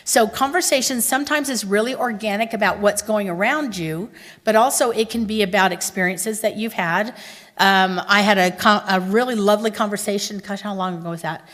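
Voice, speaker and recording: A woman from Texas with a Texan accent speaks at a conference in a chatty, animated way. She tells stories and asks her audience questions. Her voice has an ordinary middle pitch and carries a long reverb from a large hall. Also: fairly quick. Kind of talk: conference talk.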